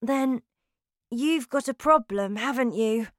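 A woman as a calm young boy-mouse. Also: on the high side, slow, dry recording, clean studio sound, pitched above the performer's own voice. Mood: reassuring. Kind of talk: storybook reading.

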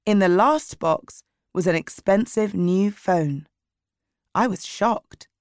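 A woman reading a chapter book aloud in a measured, clear narration. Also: medium pitch, no echo, studio quality. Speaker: audiobook reader. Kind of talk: scripted narration of a graded reader.

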